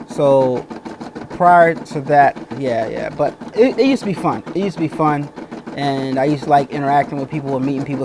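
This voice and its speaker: Chatty man hosting a livestream, voice a bit high, sewing machine whirring behind. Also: noisy background. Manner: chatty, greets viewers and reads comments aloud. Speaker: livestream host. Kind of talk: casual livestream chat. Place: home workroom with embroidery machine running. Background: sewing machine running.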